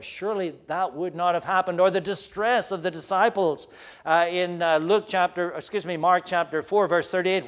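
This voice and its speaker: A man preaching a sermon in an earnest, searching way, often pausing and hesitating. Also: high-pitched.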